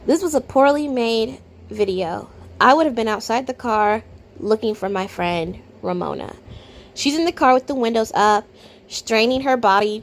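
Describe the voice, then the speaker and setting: A woman giving blunt, incredulous reaction commentary, swinging from low muttering to loud outbursts. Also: slight background noise. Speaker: reaction video host.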